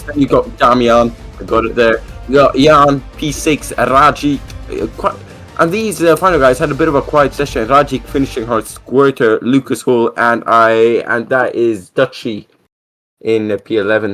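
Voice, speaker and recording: A man commentating a live sim race, excitable and chatty with casual swearing. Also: mid-range voice, normal speed, soft background music.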